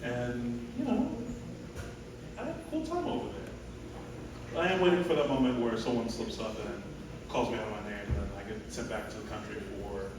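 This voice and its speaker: A man's voice: mid-range voice, lively intonation, fairly quick. A man, a musician chatting loosely between songs of a live set, telling joking, profane stories to the crowd. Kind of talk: casual stage banter between songs. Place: live music hall stage. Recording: echoey live hall, distant mic, noisy.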